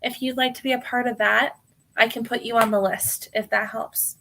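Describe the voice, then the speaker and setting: A woman's voice: on the high side, fairly even intonation, normal speed, gravelly, slight background noise. An American woman hosting a live tarot stream, reading viewer names aloud, often laughing and calling people hon. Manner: warm, apologetic, giggly, calls viewers hon.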